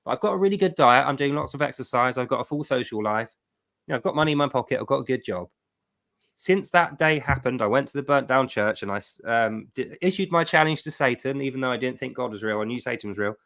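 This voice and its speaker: A middle-aged man hosting a livestream, telling a personal testimony with emphatic, animated storytelling. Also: mid-range voice, fast talker, vocal fry. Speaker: livestream host.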